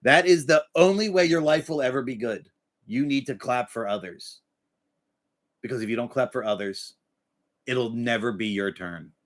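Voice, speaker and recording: Animated swearing livestream host, man. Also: mid-range voice. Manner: animated, swearing, breaks into yelled impressions. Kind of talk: profane motivational rant.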